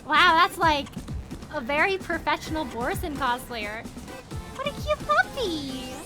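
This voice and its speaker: A giggly woman streamer with a very high voice that swings widely, talking slowly over her game. She jokes around and slips into mock announcer voices, with game music playing behind. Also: very animated. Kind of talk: casual game commentary.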